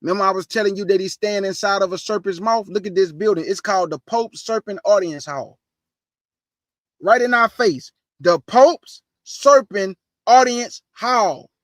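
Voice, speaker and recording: A man's voice: high voice, a little fast, a bit bright, no echo, studio quality. A man preaching to an online audience in a fired-up, emphatic way, repeating his points, firing off rhetorical questions and calling his listeners family. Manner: casual slangy delivery with rhetorical questions. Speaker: online show host and preacher.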